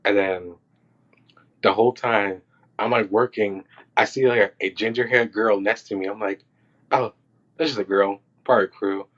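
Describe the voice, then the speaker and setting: A man's voice: fairly low pitch, steady tone, moderate pace, a bit bright. A man who works on film crews tells casual stories from set as a podcast guest, acting out quotes and reactions. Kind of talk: casual storytelling. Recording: dull lo-fi sound.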